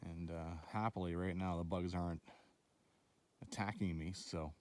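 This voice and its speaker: A man's voice: low-pitched, steady tone, normal speed, darkish tone. A man vlogging on his own while he backpacks a wilderness trail. He talks into a handheld phone in a chatty, rambling way and often ends with "right?". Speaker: solo backpacker filming his trip. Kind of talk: casual vlog narration while hiking. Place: outdoors on a backcountry trail.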